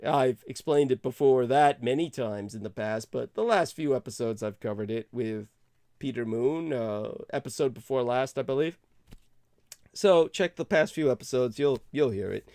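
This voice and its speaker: A man's voice: medium pitch, moderate pace, a little mellow, no echo, studio quality. A man hosting a talk show, delivering a rambling monologue and laughing off interruptions. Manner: long-winded, laughs off interruptions. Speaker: podcast host.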